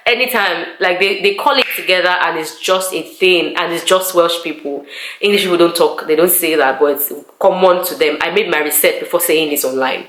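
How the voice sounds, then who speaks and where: A young woman from Nigeria chatting casually to camera in a vlog, animated and acting out conversations she recalls. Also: on the low side, a little fast, reverberant. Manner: chatty, animated, acts out quoted exchanges. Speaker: vlogger. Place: living room of student family accommodation.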